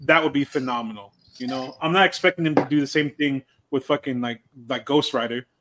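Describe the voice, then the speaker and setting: A man's voice: mid-range voice, fairly quick, background noise. A man co-hosting a podcast, talking about superhero films in a hyped, slangy, profane way. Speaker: podcast co-host. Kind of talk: casual chat.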